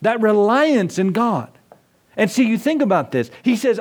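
A male pastor preaching a sermon, building emphasis through repeated lines and dropping low on key words. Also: sing-song, a little slow. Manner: preacherly, rising and falling emphasis; repetitive emphatic lists.

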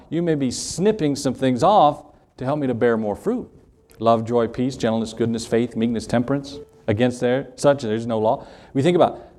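A man's voice: medium pitch, darkish tone. A man preaching a sermon as pastor, stressing words and acting out short quoted prayers. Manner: preaching with rising emphasis and acted-out quotes.

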